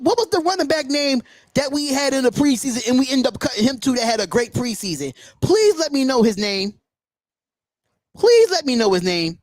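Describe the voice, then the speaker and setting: A man's voice: very high-pitched, no echo, studio quality. A man hosting a sports call-in show, ranting in an indignant, emphatic way and repeating himself. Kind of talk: sports talk livestream rant.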